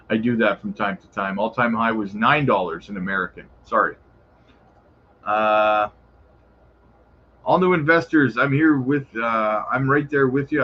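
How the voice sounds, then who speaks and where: This man has a mid-range voice and hosts a casual crypto livestream, reading viewer questions and answering them in a laid-back, chummy way while calling viewers "brother." The audio is dull, with slight background noise.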